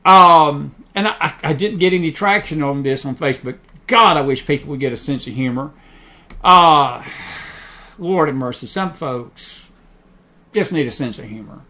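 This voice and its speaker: A man hosts an online talk show in a casual monologue, his voice a little high, bright, and forceful at normal speed. He chats in a rambling way, full of fillers and restarts.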